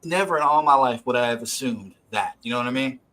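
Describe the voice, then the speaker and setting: A man's voice: mid-range voice, quick pace, poor audio. A man hosting a drawing stream, telling a rambling story with casual swearing. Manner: rambling, profane, animated. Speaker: stream host.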